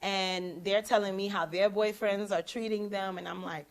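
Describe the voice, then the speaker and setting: Lively woman telling a story. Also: mid-range voice, moderate pace. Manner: animated, acts out quoted lines. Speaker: prophetess and show host. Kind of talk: storytelling in casual chat.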